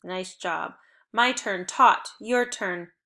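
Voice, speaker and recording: This recorded phonics lesson for kids is led by a young adult woman with a mid-range voice and a sharp tone. She goes at a slow pace, giving upbeat, encouraging prompts with clear timing.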